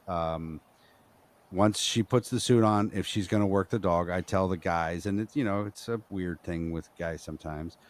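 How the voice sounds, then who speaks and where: Casting: very low male voice, rambling podcast co-host, swears freely. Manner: rambling, frequent fillers and restarts, profane. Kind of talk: casual podcast chat.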